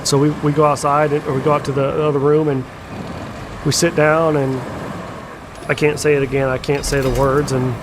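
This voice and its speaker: A young man talks through a personal account in a flat, even voice that stays level. He stumbles, repeats words and swears as he goes, while a clear engine hum runs under him. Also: on the high side. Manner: halting, repeats words, frequent fillers and swearing. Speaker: storyteller sharing a personal account. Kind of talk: candid personal storytelling. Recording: clear background engine noise.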